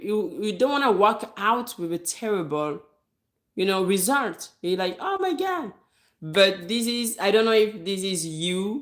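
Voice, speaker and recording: A woman who runs a business, talking straight to viewers in a casual advice monologue. She is direct and emphatic, repeats her key points, and laughs lightly between them. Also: mid-range voice. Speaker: business owner giving advice; hair braider.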